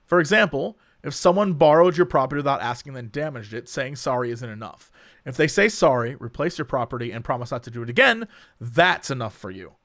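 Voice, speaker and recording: A man's voice: mid-range voice, expressive, a little fast, fairly bright tone, no echo, clean studio sound. A young man hosting a casual chat, reading quiz questions aloud and joking about the answers, with some swearing. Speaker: host.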